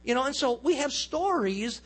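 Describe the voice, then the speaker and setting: A man pastor giving a conversational sermon in a church, telling stories with many asides; his voice is weak and fades in the low range. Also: expressive, moderate pace, fairly bright tone, slightly rough.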